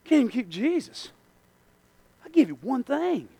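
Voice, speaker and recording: A preacher playing a taunting, accusing devil, spoken low and quiet. The voice is high for a man, close and dry. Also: big pitch swings, normal speed, slightly rough, no echo, exaggerated voice.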